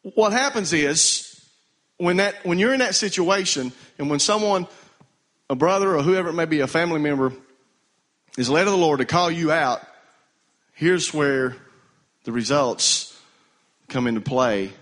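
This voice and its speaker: A man's voice: a little high, animated, measured pace, pauses often, a bit bright. A male pastor preaching a sermon, calling on the congregation to answer him. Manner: call-and-response preaching, urging the congregation to answer.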